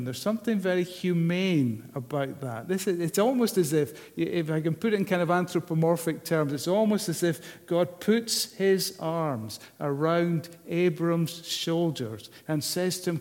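A man preaching a sermon, measured and unhurried, often asking the listeners rhetorical questions. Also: fairly high pitch, animated, darkish tone. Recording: long hall reverb.

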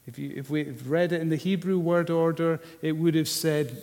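A man preaching a sermon, measured and unhurried, often asking the listeners rhetorical questions. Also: a little high, fairly even intonation, a little mellow. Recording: long hall reverb.

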